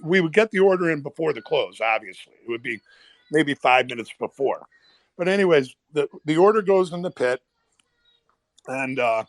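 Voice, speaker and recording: A man, a former pit trader, telling animated stories in casual chat and acting out the people in them. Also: a little high, creaky, no echo. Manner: animated, swearing, acts out quoted people. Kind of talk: casual storytelling. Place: online audio room.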